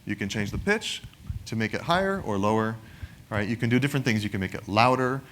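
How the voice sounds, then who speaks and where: A man's voice: lowish voice, animated, a little fast, a bit bright, slight background noise. A man giving a conversational technical product presentation, often adding "right?" to his points. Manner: conversational, frequent "right?" tag questions.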